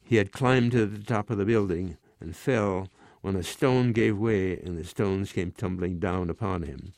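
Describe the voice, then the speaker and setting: A man's voice: low-pitched, no room sound, clean studio sound. Old man reading his own story. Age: 90s. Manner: measured, expressive storytelling.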